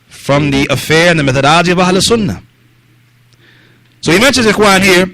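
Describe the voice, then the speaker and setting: A man teaching a mosque lesson, mixing Arabic phrases into his English, pausing on fillers like yani, and directly questioning the people listening. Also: fairly high pitch, pushed and bright, dry recording. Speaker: religious teacher.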